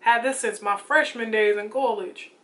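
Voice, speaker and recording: A young woman chatting casually and excitedly about her makeup while she gets ready at home, full of slangy asides. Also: on the high side, normal speed. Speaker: beauty vlogger. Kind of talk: casual get-ready-with-me chat.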